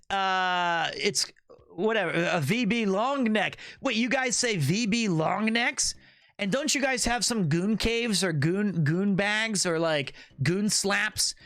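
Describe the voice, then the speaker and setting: A man streaming casual chat with his viewers in an animated, playful way, riffing on slang and trip stories and laughing at his own jokes. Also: high voice, no echo. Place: Tokyo, Japan.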